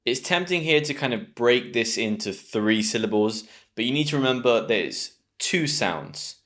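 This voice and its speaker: A British man with a British English accent, teaching English pronunciation to camera and slowly repeating words clearly. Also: medium pitch, expressive, a bit bright. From Britain.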